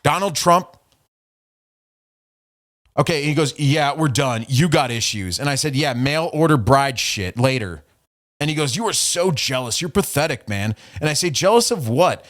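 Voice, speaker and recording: A man's voice: medium pitch, lively intonation, moderate pace, fairly bright tone. A man hosting a podcast, ranting profanely and mockingly while reading out an argument from his messages. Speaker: podcast host. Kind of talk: casual podcast rant.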